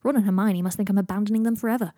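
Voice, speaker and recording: A woman's voice: mid-range voice, steady tone, very fast, mellow, no echo, clean studio sound, close to an everyday voice. A woman voicing an earnest, awkward young man in a fan fiction audiobook, with a flustered, eager manner. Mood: chatty.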